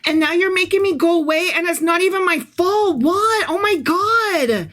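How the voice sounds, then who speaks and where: Woman putting on a high whiny prophet, exasperated, bitching and moaning. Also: normal speed, a bit bright. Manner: whining, exasperated, nasal high voice. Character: whiny complaining reluctant male prophet.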